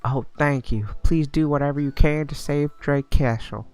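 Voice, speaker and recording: A man putting on an earnest, formal royal envoy with a thick Southern US drawl, pitched a little higher than a plain speaking voice and pushed out louder. He reads each line with stiff, dutiful formality, backed by faint game music. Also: moderate pace, clear, resonant tone, natural voice. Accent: put-on Southern US.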